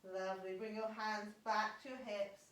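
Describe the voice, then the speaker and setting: A woman's voice: medium pitch, level tone, normal speed. Encouraging woman yoga teacher, echoey studio. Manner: encouraging, cueing breath step by step. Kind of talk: guiding a live yoga class. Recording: echoey room, voice from far off.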